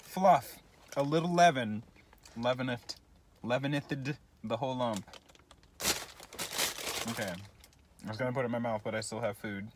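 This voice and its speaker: A young man talks straight into his phone camera in a loose, rambling vlog, jumping between tangents and apologizing with a self-deprecating laugh in his voice. His voice sits at an ordinary middle pitch for a man, and a faint hiss of background noise hangs under the recording. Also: normal speed, pauses often. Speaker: vlogger. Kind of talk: casual rambling vlog while eating.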